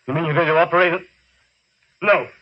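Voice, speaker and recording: A man's voice: fairly high pitch, fairly even intonation, brisk, natural voice. An actor playing an earnest, anxious man in a 1950s radio drama, speaking urgently. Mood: alarmed. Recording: lo-fi vintage radio recording.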